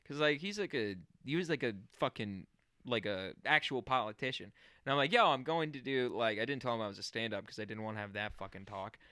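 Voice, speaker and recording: Young male comic, podcast co-host; bright edge, mocking crude riffs. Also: mid-range voice, animated, brisk, smooth, dry recording, studio quality. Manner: mocking, loud jokey riffs. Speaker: podcast co-host, stand-up comedian. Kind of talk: crude comedic banter.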